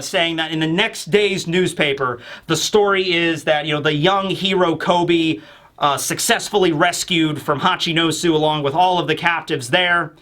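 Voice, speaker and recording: Excitable man reviewing manga. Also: fairly high pitch. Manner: enthusiastic, rambling, acts out lines. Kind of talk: casual manga review chat.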